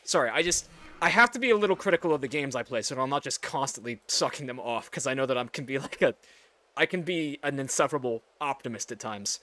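Young male game host, bright voice, excitable and chatty, loose and profane. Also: mid-range voice, fast talker. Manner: excitable, swears casually, chatty asides. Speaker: gaming video host. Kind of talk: let's play commentary.

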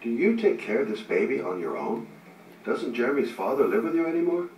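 An actor playing a middle-aged detective, speaking softly and coaxingly to a baby, in a video game. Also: male voice, medium pitch, big pitch swings, a little fast, a little hiss or hum, natural voice. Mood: wry. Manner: soft, coaxing baby talk. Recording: roomy, distant game audio with music.

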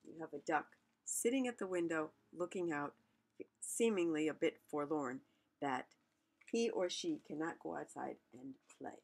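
A woman's voice: low voice, moderate pace, darkish tone. A woman reading a picture book aloud, chatty and musing, with asides between pages. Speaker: storyteller.

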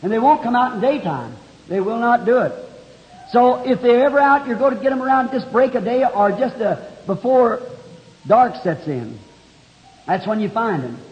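A man's voice: very high voice, lively intonation, moderate pace. A man preaching a sermon, telling a story in a folksy country way with plain homespun grammar. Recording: dull, echoey 1960 hall recording.

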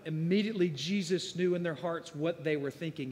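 A man delivers a sermon in a higher-pitched voice that echoes through a church hall. He talks conversationally, builds to emphatic bursts, then drops low and quiet. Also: normal speed, hardly any pauses, a little hiss or hum. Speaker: guest preacher. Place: church sanctuary.

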